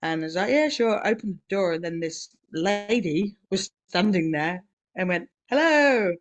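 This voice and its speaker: A woman, co-hosting a podcast in casual conversation, rambling through a story with many fillers and quick laughs. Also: on the low side, fairly even intonation, lo-fi sound. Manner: quick laughs between remarks. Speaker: podcast co-host.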